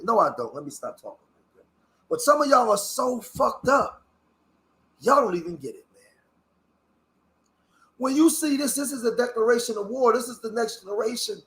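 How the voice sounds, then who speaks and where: A man's voice: very high voice, lively intonation, moderate pace, long pauses, a bit bright. A man from Philadelphia giving a passionate, preachy reaction commentary, swearing as he talks. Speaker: online commentator.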